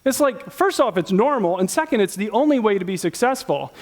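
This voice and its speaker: High-voiced conversational male pastor. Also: lively intonation, a little fast. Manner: conversational preaching, acts out Bible characters. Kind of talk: sermon.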